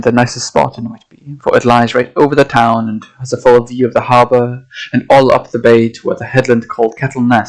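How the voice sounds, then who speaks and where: A man reading a classic novel aloud at a measured, steady pace. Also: mid-range voice, low-quality recording. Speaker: audiobook reader and streamer.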